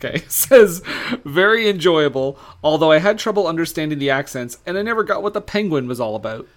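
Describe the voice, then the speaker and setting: Young Quebec-raised man, podcast co-host, relaxed banter, slightly high voice. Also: brisk. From Quebec, Canada. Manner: easygoing, laughs often. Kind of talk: casual chat.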